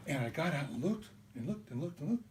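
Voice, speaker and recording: Animated male storyteller, mellow voice. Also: fairly high pitch, quick pace. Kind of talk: told personal story. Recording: distant mic with faint hiss.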